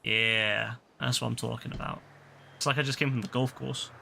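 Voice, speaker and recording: Playful swearing gaming streamer. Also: male voice, mid-range voice, fairly even intonation, normal speed, gravelly, bright, forceful tone, a little hiss or hum. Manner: rambling, playful, swears and laughs often. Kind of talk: casual gameplay commentary.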